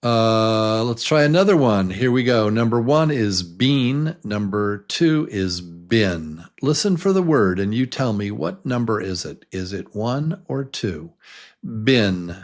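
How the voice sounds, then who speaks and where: A man teaching a beginner English pronunciation lesson, leading slow, patient drills and encouraging his learners. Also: on the low side, lively intonation.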